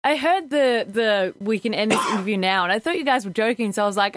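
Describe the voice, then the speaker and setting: A woman co-hosting a podcast, chatty and quick to laugh as she tells stories. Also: a little high, no room sound. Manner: giggly, chatty, storytelling. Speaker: podcast co-host. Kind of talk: casual chat.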